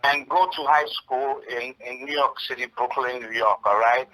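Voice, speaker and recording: A man's voice: medium pitch, steady tone, moderate pace, sharp tone, low-quality recording. A man from Ghana giving a brash, blustery in-character interview as a wrestling personality, tagging nearly every phrase with "all right?".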